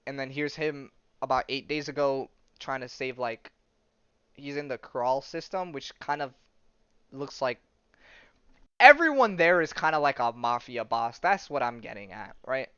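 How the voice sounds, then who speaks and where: A man's voice: mid-range voice, lively intonation, measured pace, fairly bright tone, smooth, no echo. A man hosting a podcast, casually recapping a comic in a rambling way and laughing at his own jokes. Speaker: podcast host. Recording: dull lo-fi sound.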